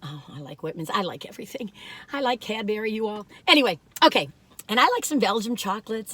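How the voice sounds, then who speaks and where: An older woman hosting a casual cookie taste-test vlog, rambling in a folksy way and breaking into excited laughs and squeals. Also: medium pitch, fast, slight background noise. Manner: folksy, rambling, warm-hearted chatter with "you all". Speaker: food vlogger.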